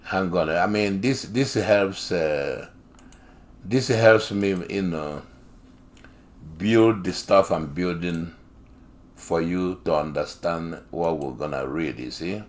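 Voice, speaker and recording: A man with a deep, low voice reads an article aloud and comments on it. He talks slowly and deliberately. He hammers on phrases with emphatic, sarcastic repetition. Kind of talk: reading and commenting to camera.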